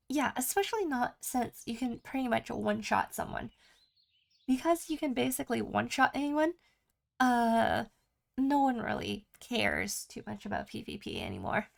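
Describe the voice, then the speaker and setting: A woman's voice: a little high, very animated, normal speed, gravelly. A woman streaming a game, chatting casually with her chat and listing what she can do. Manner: chatty, reads chat aloud, lists options. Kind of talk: casual chat while gaming.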